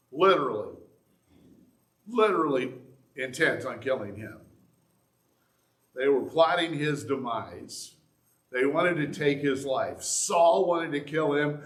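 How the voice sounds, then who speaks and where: A middle-aged male pastor giving a conversational sermon with asides and restarts in a church sanctuary. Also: fairly high pitch. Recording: echoey church room.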